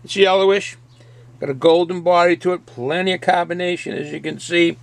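A man's voice: sits high, fairly even intonation, fairly quick, creaky. A middle-aged man with a Boston accent chatting casually through a beer review, rambling and folksy and often repeating himself.

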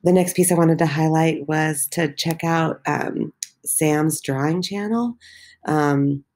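A woman's voice: sits low, slow pace, a little mellow. A woman teacher walking her middle school class through the day's posts, encouraging, with many filler ums. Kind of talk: recorded class walkthrough.

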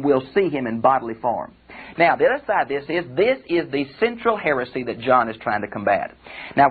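A man's voice: medium pitch, husky. An older man, a pastor giving a conversational Bible commentary lecture and calling his listeners friends. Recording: tinny phone-like audio recording.

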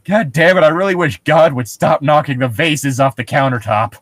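A man's voice: on the high side, normal speed, fairly bright tone, no room sound. A man co-hosting a casual podcast, joking, laughing often and reading excerpts aloud. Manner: jokey, laughs a lot, reads excerpts aloud. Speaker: podcast co-host.

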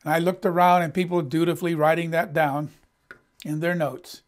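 High-voiced man preaching a sermon. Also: normal speed. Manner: emphatic, conversational preaching with rising exclamations. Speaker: pastor.

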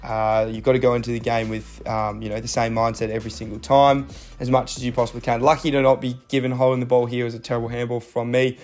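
Young aussie guy chatting over his footy highlights, easygoing, lots of ums, soft music under him. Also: little pitch movement, fast. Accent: Australian. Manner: chatty and self-deprecating, many fillers. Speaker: footballer narrating his own game footage. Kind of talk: casual voice-over commentary with coaching tips.

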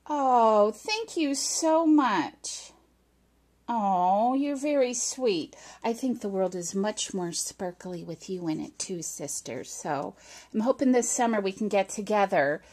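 Unhurried, excitable middle-aged woman crafting vlogger, high and very lively voice, gushing. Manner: gushing and excitable, with squeals of delight. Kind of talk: casual unboxing chat to camera.

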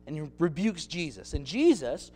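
A man's voice: fairly high pitch, big pitch swings, normal speed, dark tone. A male pastor preaching a sermon expressively, acting out scenes from the text.

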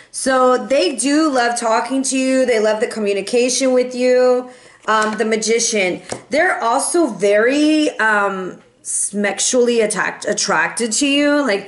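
A woman's voice: fairly high pitch, roomy sound. Chatty woman giving a tarot reading. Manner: chatty and playful, sings and meows in bursts. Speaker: tarot reader.

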